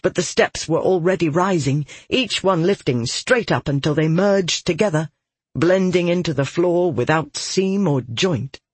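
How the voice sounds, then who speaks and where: A man narrates a fantasy audiobook in a measured, steady reading. His voice is husky and sits a bit high. The recording is close and dry. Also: dry recording.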